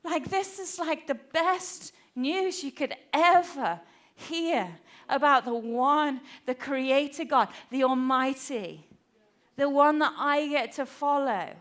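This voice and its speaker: In a slow, high voice, a woman delivers a church sermon that feels conversational and earnest. She often acts out the voices she quotes and at times drops into a hush.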